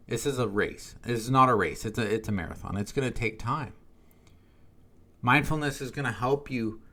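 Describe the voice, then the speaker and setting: A man hosts a wellness podcast in a relaxed, coaching way. His voice sits at a middling pitch, and he keeps it conversational, often ending a point with "right?". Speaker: podcast host. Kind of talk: casual spoken coaching monologue.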